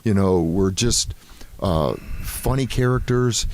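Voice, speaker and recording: An older man, a former ballplayer, telling relaxed stories in an interview with plenty of fillers and restarts. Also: sits low, takes it slowly. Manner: relaxed anecdotal storytelling with many fillers. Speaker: former baseball player, guest. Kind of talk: casual storytelling interview.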